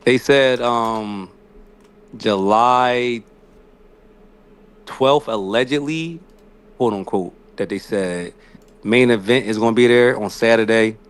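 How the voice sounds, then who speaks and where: A man's voice: mid-range voice, takes it slowly, pauses often, smooth. A man co-hosting a casual podcast, giving a laid-back rundown of the news. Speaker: podcast co-host. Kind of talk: casual chat.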